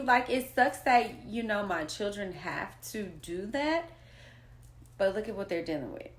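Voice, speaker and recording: A woman talks straight to the camera in a personal vlog. She speaks as a mother, unhurried and deliberate, leaning on repeated phrases for weight. Her pitch sits in an ordinary middle range, and at times she sinks to a near whisper for emphasis. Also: gravelly. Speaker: mother sharing personal experience.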